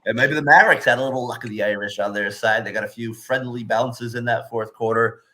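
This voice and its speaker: A man's voice: mid-range voice, steady tone, quick pace, pushed and bright, a little hiss or hum. Rambling, chatty man on a sports podcast. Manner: rambling, filler-heavy, laughs often. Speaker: podcast co-host. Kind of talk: casual sports chat.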